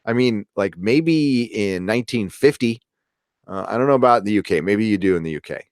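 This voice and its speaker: A man's voice: on the low side, expressive, normal speed, no room sound, clean studio sound. A middle-aged man hosting a casual live stream, reading chat aloud in a rambling way full of fillers and restarts. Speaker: livestream host reading chat.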